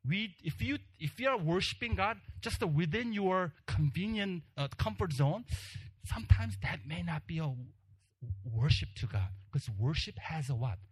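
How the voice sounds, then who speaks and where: A man preaching a sermon, telling a personal story in an animated way and acting out the crowd's shouts, then dropping to a hushed voice for emphasis. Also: fairly high pitch, moderate pace, husky.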